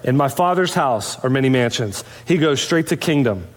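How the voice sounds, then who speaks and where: A man's voice: mid-range voice, lively intonation, normal speed, long reverb tail. A man preaching a sermon as pastor of a church, conversational and full of rhetorical questions. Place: church sanctuary.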